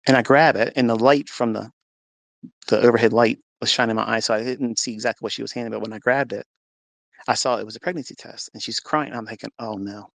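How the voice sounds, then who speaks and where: A man earnestly telling a personal faith story in a live audio room, his telling animated and emotional. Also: medium pitch, fast talker, gravelly, dry recording. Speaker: speaker sharing a faith testimony. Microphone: phone in a live audio room.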